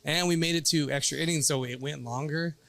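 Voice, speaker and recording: A man in his thirties hosting a casual bar chat show, telling stories in a rambling, animated way. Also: on the high side, a little fast, creaky. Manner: rambling, animated storytelling with quoted voices. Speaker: podcast host and youth baseball coach.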